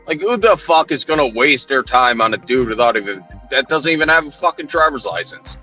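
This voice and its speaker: A man's voice: medium pitch, animated, fairly quick, bright, forceful tone, breathy edge, faint music behind. A man ranting heatedly on a livestream, swearing constantly, mocking and confronting people while he answers his chat.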